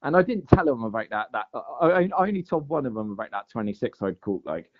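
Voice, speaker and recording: A man's voice: medium pitch, fast. A man telling a long fishing story in casual chat, full of "mate" and "like". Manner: animated storyteller, says "mate" and "like" a lot. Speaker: podcast guest. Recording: dull lo-fi podcast audio.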